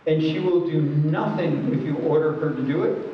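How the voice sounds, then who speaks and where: Male trainer, wry storyteller, a bit high. Dull, lo-fi hall recording with faint hiss. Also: normal speed. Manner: conversational, wry. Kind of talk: storytelling presentation. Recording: echoey hall from far off, dull lo-fi.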